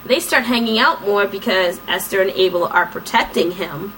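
A woman in casual chat, recapping a series in a rambling, animated way and swearing freely. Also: medium pitch, normal speed, a little hiss or hum, rough recording.

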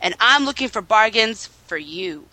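A young woman co-hosting a casual gaming podcast, giggly and quick to protest when teased. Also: mid-range voice, lively intonation, sharp tone, dry recording, low-quality recording. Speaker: podcast co-host.

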